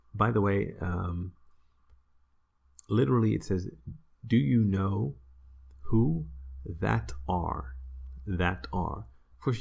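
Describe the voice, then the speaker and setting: Low gravelly man teaching, slow and relaxed. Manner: explaining with many fillers and "right?". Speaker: language teacher. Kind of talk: casual spoken lesson.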